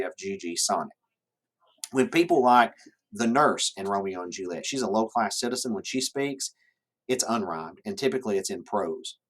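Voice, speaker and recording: Male teacher, lowish voice, lecturing in a classroom, explanatory and checking in often. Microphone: camera in classroom.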